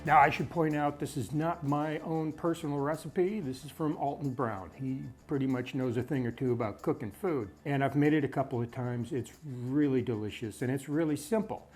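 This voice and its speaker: A man's voice: medium pitch, normal speed, hardly any pauses, faint music behind. A man from the Chicago area hosting a home cooking video, talking in a dry, wry, matter-of-fact way. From Chicago area, USA. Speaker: cooking show host.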